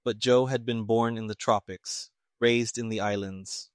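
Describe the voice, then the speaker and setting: Man narrating an audiobook, steady and dry. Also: on the low side, a little slow, clear, resonant tone, no room sound.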